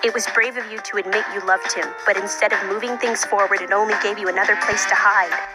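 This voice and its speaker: Casting: woman as a frank teen schoolgirl, mid-pitched, blunt and probing, anime dub, loud score behind. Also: fairly even intonation, fast, loud music behind the voice, natural voice, low-quality recording. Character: frank teenage schoolgirl confronting a shy friend. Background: loud background score.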